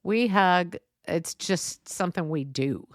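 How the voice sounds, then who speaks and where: A woman's voice: fairly low pitch, takes it slowly, no room sound, clean studio sound. A woman hosting a podcast, talking casually in a rambling, chatty way with lots of fillers. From Texas. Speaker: podcast host. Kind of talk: casual solo podcast monologue.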